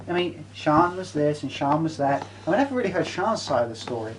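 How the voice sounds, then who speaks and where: A man's voice: on the high side, animated, brisk, slight background noise, low-quality recording. A man in casual chat, ranting and swearing, repeating himself for effect.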